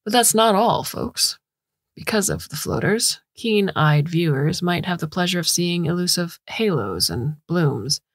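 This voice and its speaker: A woman's voice: lowish voice, expressive, a little slow, dry recording, clean studio sound. A woman narrator voicing a proud young male meteorologist who talks in a flippant, mocking way. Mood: presenting. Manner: flippant, mocking toward the bird.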